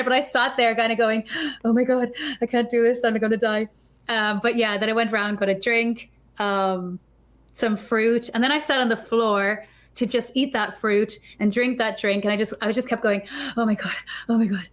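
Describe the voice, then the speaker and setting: A woman guest on a podcast, telling a story in a chatty, animated way and acting out her own thoughts. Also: fairly high pitch, moderate pace. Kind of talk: casual storytelling.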